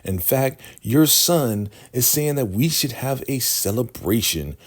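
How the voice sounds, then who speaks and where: A man's voice: medium pitch, animated, a little slow, voice pushed up. A man voicing a scheming woman who coaxes and placates in a raised voice. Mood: coaxing. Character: scheming calm woman soothing a madman.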